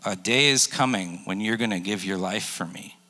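A man's voice: lowish voice, moderate pace, pushed and bright. A man in his forties speaking as an earnest, insistent spiritual teacher within a sermon. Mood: pressing. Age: 40s. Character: insistent, patient male teacher figure. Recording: long echo of a large hall.

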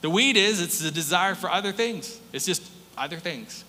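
A man preaching a sermon as pastor, animated, dropping to a hush and rising loud, acting out quoted lines. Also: high voice, moderate pace. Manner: animated, swings from hushed to loud, acts out quotes. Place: church sanctuary. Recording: long reverb, faint hum.

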